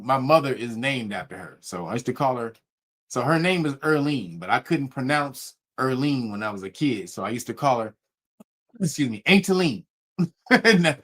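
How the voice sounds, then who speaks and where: A middle-aged man hosting, telling a family story to viewers casually, swearing and laughing a lot. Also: mid-range voice. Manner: animated, swearing, laughing often. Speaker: host.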